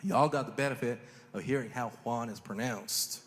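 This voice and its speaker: A man's voice: mid-range voice, moderate pace. Crude self-mocking male stand-up comic. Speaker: stand-up comedian. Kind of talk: live stand-up routine. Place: live comedy stage. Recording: long reverb hall with steady noise.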